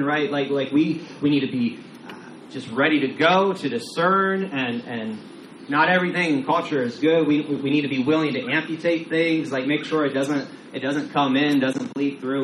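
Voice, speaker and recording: A male pastor delivers a casual, conversational sermon, often repeating words as he thinks aloud. His voice sits a little high for a man. The recording has a roomy echo with faint noise behind him.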